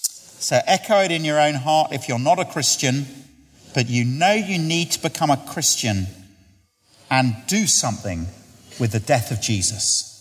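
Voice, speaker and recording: A man delivers a sermon in a church, his pitch on the higher side and swinging freely. He tells humorous stories and then slows down to lead an earnest prayer. The hall around him rings with long reverb. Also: animated. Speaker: preacher.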